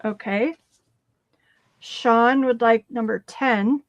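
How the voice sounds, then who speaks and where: Slightly high woman reading orders, dull dry sound. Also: slow pace, dry recording. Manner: calm, relays comments. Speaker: sale assistant reading orders. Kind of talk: reading buyer requests.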